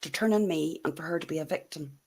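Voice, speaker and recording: Brief: mid-pitched speaker, earnest, quick reactions, casual chat. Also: dark tone, husky. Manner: reacts with short interjections, earnest thanks.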